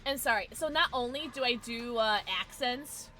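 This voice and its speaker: A tipsy woman livestreaming a game, chatting casually with her viewers, giggling and breaking into loud squeals and shouts. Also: on the high side, normal speed. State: tipsy from drinking. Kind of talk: casual livestream chat while gaming.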